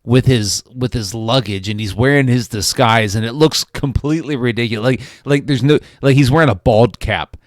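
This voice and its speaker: Here a mid-range male co-host rambles through a movie review at normal speed with hardly any pauses, cursing freely and restarting sentences in animated storytelling. The recording is dry, with clean studio sound.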